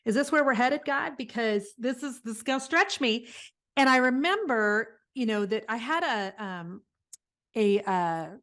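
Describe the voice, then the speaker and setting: A middle-aged woman guest in an interview, telling stories in an earnest, animated way. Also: a little high, measured pace. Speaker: guest, business coach. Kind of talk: conversational interview.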